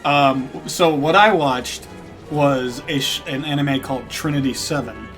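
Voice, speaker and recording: A man's voice: medium pitch, unhurried, fairly bright tone. Young man chatting over game music. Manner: laughs often, chatty, thinks aloud while playing. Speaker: streamer playing a game. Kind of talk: casual gaming stream chat.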